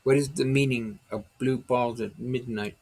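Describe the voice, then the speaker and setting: A man's voice: medium pitch, fairly even intonation, normal speed, creaky, darkish tone, low-quality recording. A man voicing a seductive demon in the form of an enchantress, taunting a priest with riddles.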